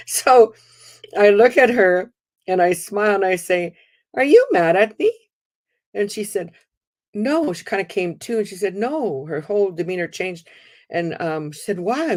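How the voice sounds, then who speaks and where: Laughing woman host telling stories. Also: low voice. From Canada. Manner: animated, laughing, acts out quoted voices. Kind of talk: storytelling in a community talk.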